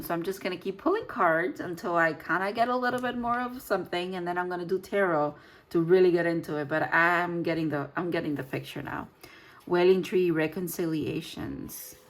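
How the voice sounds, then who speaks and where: A woman's voice: fairly low pitch, a bit bright. A woman giving a casual tarot reading, rambling and searching for her words with frequent fillers. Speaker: tarot reader.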